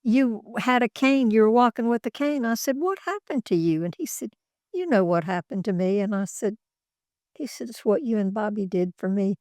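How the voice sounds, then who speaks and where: A woman's voice: on the high side, normal speed, darkish tone, no room sound, studio quality. An older woman, a former executive assistant, telling rambling, folksy anecdotes in an office interview. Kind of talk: casual storytelling.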